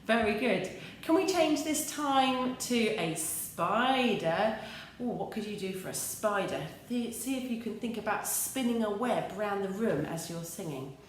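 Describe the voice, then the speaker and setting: A woman's voice: medium pitch, animated, unhurried, distant mic, slight background noise. An English woman, an early years teacher, leading young children through simple action songs in a sing-song, encouraging way. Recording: echoey room with light music.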